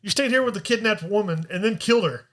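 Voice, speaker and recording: A man's voice: high-pitched, expressive, quick pace, fairly bright tone. A man co-hosting a podcast, chatting casually about a film and laughing often while quoting characters. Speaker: podcast co-host. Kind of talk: casual film review chat.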